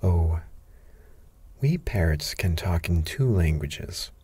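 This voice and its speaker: A man's voice: low voice, lively intonation, slow, mellow, breathy edge, dry recording, exaggerated voice. A man voicing a proud, bossy talking female parrot in a bedtime storybook reading.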